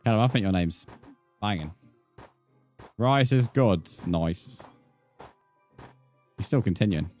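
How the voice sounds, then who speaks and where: A man's voice: fairly low pitch, expressive, takes it slowly, long pauses, a little mellow, soft background music. A man livestreaming a game, chatting casually with viewers, bantering and swearing at the chat in mock threats.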